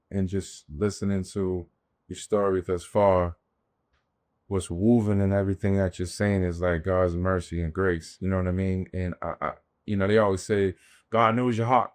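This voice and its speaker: A man hosting a podcast, asking reflective questions in a measured, supportive way and drawing on faith sayings. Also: low voice, darkish tone. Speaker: podcast host. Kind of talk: interview questions with faith references.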